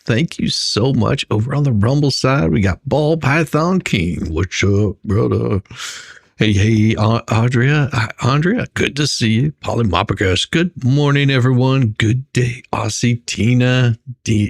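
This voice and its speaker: A man's voice: mid-range voice, measured pace, creaky, slightly rough, no echo, studio quality. A man hosting a casual livestream, chatting and greeting viewers by name, laughing often. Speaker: livestream host. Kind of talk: casual live-stream chat.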